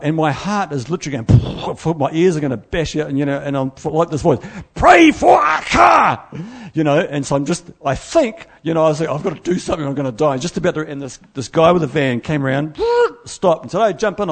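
A middle-aged man preaches, his voice gravelly and a little husky. He tells stories with animated, self-deprecating energy. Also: mid-range voice. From New Zealand. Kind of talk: sermon.

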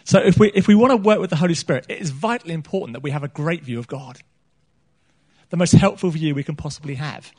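A male preacher with a notably high voice delivers a sermon from a small church stage. He keeps it conversational and humorous, pausing to poll the congregation with questions. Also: darkish tone.

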